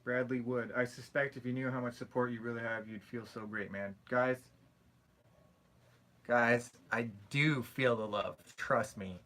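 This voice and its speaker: A young Canadian man hosts a casual livestream, speaking at a medium pitch and a measured pace. He chats, cracks jokes and reads viewer comments aloud, getting animated whenever he tells a story.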